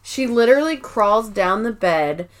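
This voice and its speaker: Woman, podcast co-host, casual recap, animated, acts out quotes. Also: mid-range voice, a little slow.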